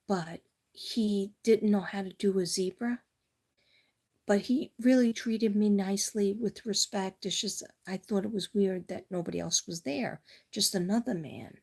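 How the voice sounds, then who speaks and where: A woman's voice: medium pitch, darkish tone. A middle-aged woman from Staten Island with a New York accent, giving a casual, rambling tarot reading full of personal stories. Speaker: tarot reader.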